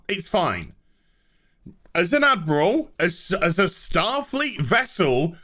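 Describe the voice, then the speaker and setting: A man's voice: sits high, bright, forceful tone. A man ranting in a sarcastic, dismissive TV review. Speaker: show reviewer.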